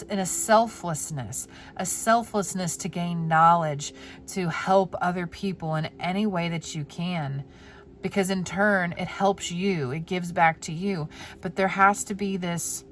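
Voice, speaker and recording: Gentle low-voiced woman reading tarot. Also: a little hiss or hum. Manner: gentle, heartfelt, channeling tone. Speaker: tarot reader. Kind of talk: pick-a-card tarot reading.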